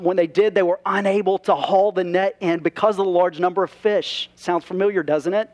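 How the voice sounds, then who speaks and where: A man's voice: sits high, fairly even intonation, brisk, hardly any pauses, a little mellow. A man preaching a sermon to his congregation as pastor, conversational, with rhetorical questions and asides. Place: church.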